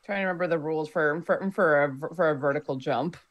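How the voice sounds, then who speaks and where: A woman's voice: low voice, brisk, dull audio. A woman playing a tabletop role-playing game, with dry, wry remarks. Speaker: player. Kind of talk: tabletop role-play banter.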